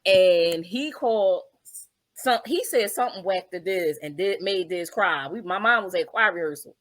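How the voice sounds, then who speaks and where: A woman co-hosting a casual family talk show, telling a story with lively put-on voices for her relatives, speaking over a video call. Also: fairly low pitch, normal speed, no echo, clean studio sound. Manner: animated, acts out family members' voices while telling a story. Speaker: podcast co-host. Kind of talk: casual storytelling among siblings.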